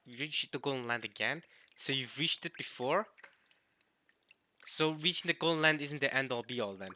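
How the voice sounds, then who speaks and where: Hosting a let's play of a visual novel, a man chats casually as he goes, thinking aloud, often sounding puzzled, and repeatedly breaking off to restart his sentences. His voice is very bright and forward, medium in pitch, at normal speed, with slight background noise.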